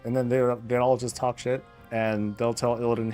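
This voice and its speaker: A man's voice: mid-range voice, little pitch movement, quick pace, hardly any pauses, a little mellow, faint music behind. A man streaming, chatting casually, rambling and joking, swearing freely. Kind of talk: casual chat.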